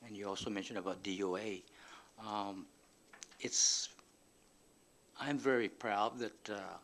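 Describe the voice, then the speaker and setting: A man addresses a legislative hearing as a lawmaker. He speaks very slowly in a low voice. His delivery is measured and halting, with pauses and repeated words. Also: steady tone, a bit bright.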